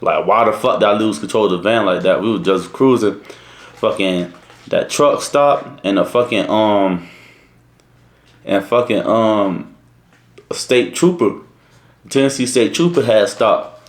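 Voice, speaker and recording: Young adult male storyteller, slangy and profane, animated retelling in a roomy, echoey space. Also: lowish voice, unhurried, long pauses. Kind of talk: casual storytime.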